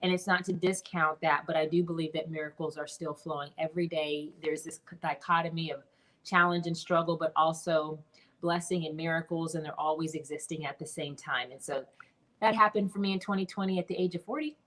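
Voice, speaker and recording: A woman in her forties, a guest on a video-call interview, talking in an animated, expressive way. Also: low voice, a little fast, poor audio. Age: 40s. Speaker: guest, business mentor. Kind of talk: interview conversation.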